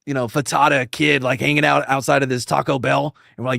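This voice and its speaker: A man co-hosting a comedy show, bantering in character with a crude, deadpan, rambling manner. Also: mid-range voice, fast talker, vocal fry, few pauses, no echo, studio quality.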